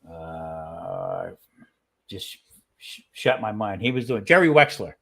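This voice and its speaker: A man's voice: low-pitched, wildly swooping pitch, takes it slowly, vocal fry, a bit bright. A man hosting a casual chat, enthusiastic and chatty.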